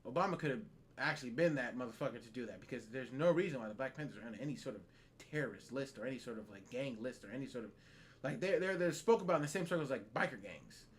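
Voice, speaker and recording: A man hosting a casual podcast, talking in an animated, profane way and laughing often. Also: mid-range voice, fast, a little hiss or hum. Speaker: podcast host.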